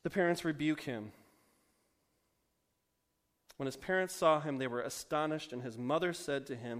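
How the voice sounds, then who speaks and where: Joking male preacher, slightly high voice. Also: moderate pace, pauses often, fairly bright tone. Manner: joking, self-mocking, chatty with fillers. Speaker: pastor. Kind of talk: sermon.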